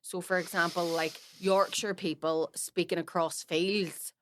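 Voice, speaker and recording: A woman co-hosting a comedy podcast, riffing playfully with quick jokes. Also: fairly low pitch, steady tone, fairly bright tone, a little hiss or hum. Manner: quick, playful riffing, frequent laughter between lines. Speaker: podcast co-host. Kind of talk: casual comedic chat.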